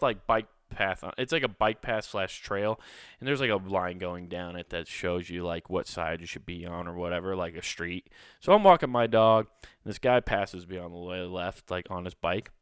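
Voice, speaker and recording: A man's voice: low voice, fairly bright tone, smooth, dry recording, clean studio sound. A young adult man hosting a casual solo podcast, telling a rambling, profane story with lots of fillers. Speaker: podcast host.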